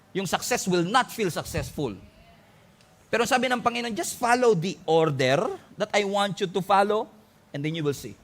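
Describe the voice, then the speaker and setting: A Filipino-accented man delivers a sermon from the pulpit. His voice sits very high for a man, and he presses his points with emphatic rises, calling out to the congregation as he preaches. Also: fairly bright tone. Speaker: pastor.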